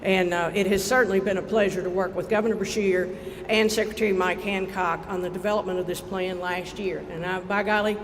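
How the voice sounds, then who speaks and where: Folksy high-voiced Kentucky lawmaker. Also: male voice, fairly even intonation, a little fast. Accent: Eastern Kentucky. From Eastern Kentucky. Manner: folksy, heartfelt, rising to rallying cries. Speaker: state legislator. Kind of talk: public dedication speech. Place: outdoor ceremony on a platform before a crowd. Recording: reverberant PA with crowd and background noise.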